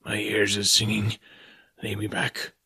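A man doing a gravelly old sea captain. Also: lowish voice, completely flat delivery, unhurried, sharp tone, no room sound, clean studio sound, full character voice. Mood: weak. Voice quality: gravelly, raspy. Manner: salty old sailor talk, cursing and wheedling. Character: old sick sea captain, gruff, pleading, blustering. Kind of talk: audiobook character voice.

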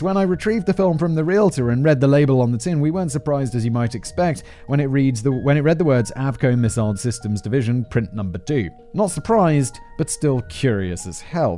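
A man's voice: medium pitch, mellow. A man in his thirties hosting a podcast, reading a script with chatty, rambling asides and frequent laughter. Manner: rambling, laughs often, breaks off into tangents.

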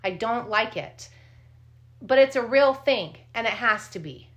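A woman's voice: on the high side, animated, unhurried, a bit bright, highs cut off. A woman co-hosting a true crime podcast, talking casually, blunt and indignant, and swearing freely. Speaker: podcast co-host.

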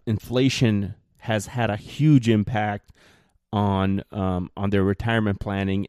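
A man's voice: on the low side, warm tone, no echo, studio quality. A man in his thirties hosting a solo podcast, ranting bluntly with exasperated, mocking jabs. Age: 30s. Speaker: podcast host.

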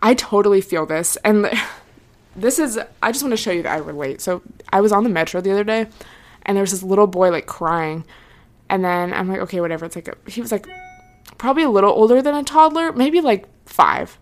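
Brisk and animated, this medium-pitched woman is a young podcast host talking on her own. Her casual chat is earnest and reassuring, full of "like" and unfinished thoughts.

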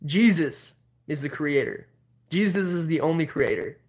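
A man's voice: fairly high pitch, moderate pace, close to an everyday voice. Sex: male. Figure: a man mimicking a stern, preachy stranger. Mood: insistent.

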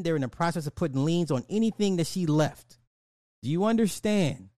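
A man with a fairly high, warm voice goes on a casual rant of commentary, blunt and profane, repeating lines twice for emphasis. The sound is dry and close, with no echo.

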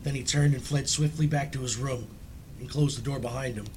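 A man telling a ghost story aloud in a dramatic, suspenseful reading, sinking low and quiet at tense moments. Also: steady tone, fairly quick, slight background noise.

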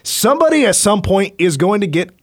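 A man's voice: high-pitched, sing-song, fairly quick. A man from Kansas hosting a sports radio show, joking and opinionated as he counts down a list. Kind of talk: casual sports talk.

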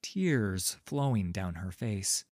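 A man reading a fantasy story aloud in a calm, measured and gently expressive way. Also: on the low side, no echo, studio quality. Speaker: narrator. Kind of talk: scripted storybook narration.

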